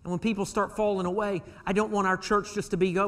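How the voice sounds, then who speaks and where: A man preaching a sermon as pastor of his church, moving from quiet asides to shouted pleas. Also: sits high, fairly even intonation, quick pace, few pauses. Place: church sanctuary.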